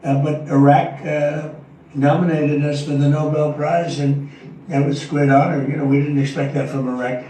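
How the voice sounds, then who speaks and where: A man's voice: fairly high pitch, flat delivery, normal speed, mellow, slight background noise. Older guy rambling at a press event, repeats himself a lot, far off mic, big echoey room. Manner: rambling, repetitive, emphatic. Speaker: president answering press questions. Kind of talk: press conference remarks. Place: large formal meeting room.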